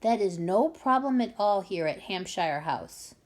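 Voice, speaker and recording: A woman's voice: medium pitch, lively intonation, a little slow, lightly acted. A woman voicing a grand, know-it-all but kindly elderly duke in a storybook reading.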